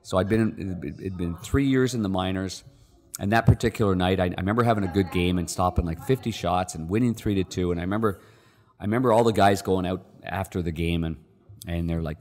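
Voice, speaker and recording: A deep-voiced middle-aged man tells a story in a relaxed podcast chat and acts out the voices of the people in it. His voice carries a long reverb tail. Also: brisk. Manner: animated, acts out the quoted people. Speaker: podcast guest. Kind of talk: casual storytelling.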